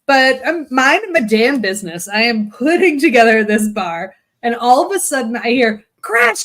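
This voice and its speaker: Animated, swearing woman telling a story. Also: a little high, moderate pace, hardly any pauses. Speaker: podcast co-host. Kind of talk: casual chat.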